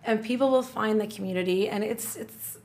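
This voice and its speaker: Chatty middle-aged woman, animated talk. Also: medium pitch, a little fast. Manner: chatty, restarts often, enthusiastic. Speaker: guest. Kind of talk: casual podcast conversation.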